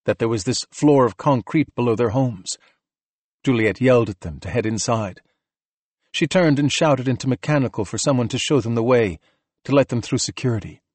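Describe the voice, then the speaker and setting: A man narrating an audiobook in a steady, measured reading voice. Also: mid-range voice, dry recording. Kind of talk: scripted narration.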